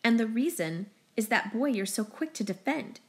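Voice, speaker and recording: A woman's voice: a little high, animated, normal speed, darkish tone. A woman voicing a furious, protective middle-aged mother in an audiobook, speaking in a clipped, scolding way. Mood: bitter.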